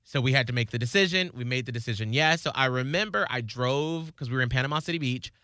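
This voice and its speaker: A man hosts a radio morning show in casual on-air chat. His voice is bright and clean, recorded close and dry. He tells stories earnestly and voices the people he quotes. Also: medium pitch, fast talker, clear, resonant tone, dry recording. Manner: earnest storytelling, acts out quoted lines.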